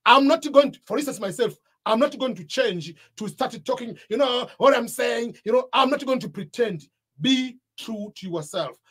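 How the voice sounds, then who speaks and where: Emphatic East African man, husky voice. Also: extremely high pitch, expressive, normal speed, a bit bright. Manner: emphatic, repeats key points. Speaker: YouTube coach. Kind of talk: motivational talk to camera.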